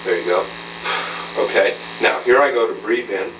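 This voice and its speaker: A male vocal coach talks a student through a hands-on breathing lesson, patient and instructive. His voice sits low. The old recording is roomy and faintly humming, with the mic set some way off. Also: normal speed, fairly bright tone. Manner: patient, instructive, checks in with frequent "okay?". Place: room with a mirror. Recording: roomy, distant, faint hum, old tape.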